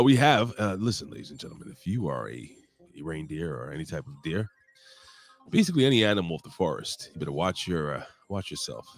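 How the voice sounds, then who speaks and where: Brief: hoarse male podcast host, very low voice, lively swings in pitch, foul-mouthed rambling. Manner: profane, rambling, joking. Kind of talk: casual wrestling review chat.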